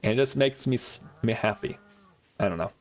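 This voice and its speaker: A man's voice: fairly low pitch, fairly quick. A man streaming a game, chatting casually and answering his chat, rambling with lots of "like" and frequent laughs. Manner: rambling, heavy on "like", laughs often.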